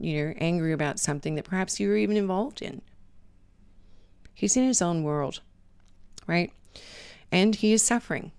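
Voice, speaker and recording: Her voice sits low with vocal fry as this woman hosts a podcast full of casual life advice. She keeps things conversational, checking in with "right?" after her points, and occasionally her voice falls to a whisper.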